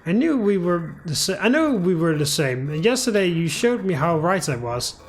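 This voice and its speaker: A man's voice: high voice, sing-song, moderate pace. Yuri, a man voicing a shy polite girl. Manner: polite, hesitant. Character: shy, soft-spoken young woman, unsettled. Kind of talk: reading a visual novel aloud. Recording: faint music behind.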